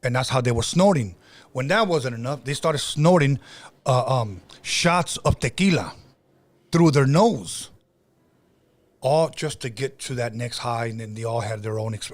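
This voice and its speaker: A man's voice: mid-range voice, normal speed. A middle-aged man hosting a podcast, telling stories in a casual, conversational way with frequent fillers and restarts. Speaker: podcast host.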